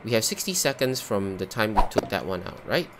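A man's voice: fairly low pitch, big pitch swings, brisk, heavy background noise. A man hosting a gameplay video, talking himself through each cooking step and breaking into exasperated outbursts at glitches. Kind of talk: live gameplay commentary.

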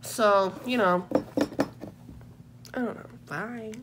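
A woman's voice: medium pitch, slow, very noisy. A tired young woman telling a personal story on her vlog, casual and full of profanity. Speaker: YouTuber.

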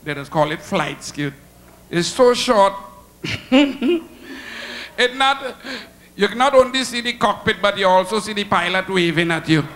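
A man with a Trinidadian accent telling stand-up jokes on stage, animated and laughing at his own punchlines. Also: high-pitched, measured pace, pauses often, a little hiss or hum. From Trinidad and Tobago. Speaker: stand-up comedian. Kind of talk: stand-up comedy storytelling. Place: comedy show stage.

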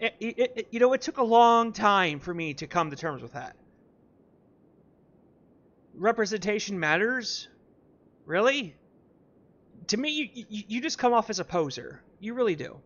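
A man's voice: high voice, fairly bright tone, muffled recording. A man giving blunt, sarcastic reaction commentary with some swearing.

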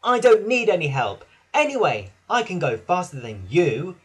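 A man's voice: a little high, sing-song, slow pace, a little mellow, slightly rough, exaggerated voice. A man voicing a proud, eager little male tank engine who talks boastfully and repeats his phrases. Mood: huffy. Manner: boastful and huffy, chanting phrases twice.

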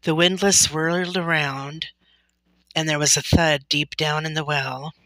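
Slow, bright-voiced woman reading a storybook. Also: deep voice, steady tone, no room sound. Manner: slow, gentle, deliberate storytelling. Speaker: storybook reader. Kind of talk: reading a children's novel aloud.

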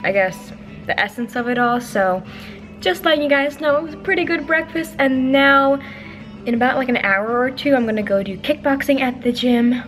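A young woman vlogging her day in a chatty, upbeat way, full of quick asides. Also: high-pitched, fairly bright tone, soft background music. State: out of breath. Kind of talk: casual vlog chat.

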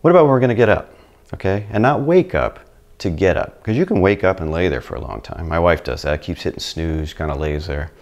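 A man's voice: low-pitched, expressive, brisk, a little mellow. A middle-aged man teaching a language lesson in a chatty, patient way, often checking in with the listener. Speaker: Spanish teacher.

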